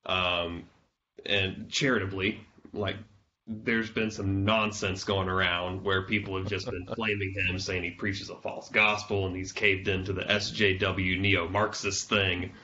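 A man hosting a podcast, hoarse and congested from a cold, chatting casually and laughing now and then. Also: low-pitched, level tone, unhurried, pushed and bright, highs cut off, a little hiss or hum. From South Carolina. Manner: chatty, self-deprecating, laughs often. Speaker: podcast host.

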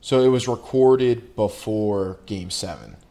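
Laid-back lower-voiced man chatting hockey. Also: takes it slowly. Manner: relaxed, rambling, with fillers. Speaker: podcast co-host. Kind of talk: casual sports chat.

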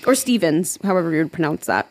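A woman's voice: lowish voice, sing-song, fast talker, no echo. A woman co-hosting a podcast in casual chat, giggly and chatty as she reads out trivia. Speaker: podcast co-host.

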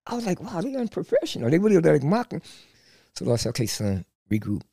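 A man guest, a street preacher, telling animated stories and acting out the people he quotes, often repeating words. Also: a little high, fast talker, dry recording, studio quality. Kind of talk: animated storytelling.

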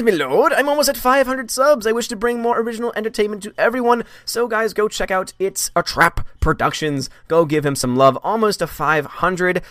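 A man hosting a live movie blog stream, greeting chat members one by one in an animated, casual way. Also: medium pitch, dry recording, clean studio sound. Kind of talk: live stream chat, reading viewer comments.

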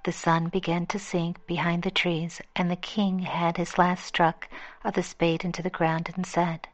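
A woman's voice: on the low side, flat delivery, measured pace, faint music behind. A woman steadily reading a fable aloud as its storyteller.

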